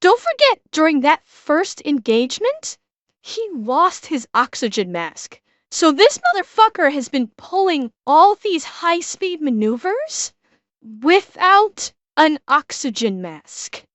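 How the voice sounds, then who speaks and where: A woman streamer chatting casually as she reacts, excitable and swearing freely, often restarting her sentences. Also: sits high, slow pace, no echo.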